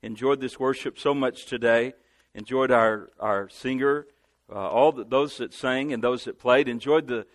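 A man's voice: medium pitch, steady tone, normal speed, dry recording. A man with a Southern US accent preaching as a guest pastor, earnest, calling out for amens and often restarting his sentences. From Southern United States. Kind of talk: sermon. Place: church sanctuary.

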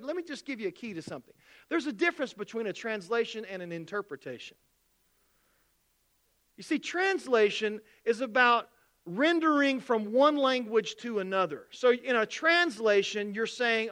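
Male pastor, high bright voice, lively sermon delivery, plays out other voices. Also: moderate pace. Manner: animated preaching, acts out skeptics' voices.

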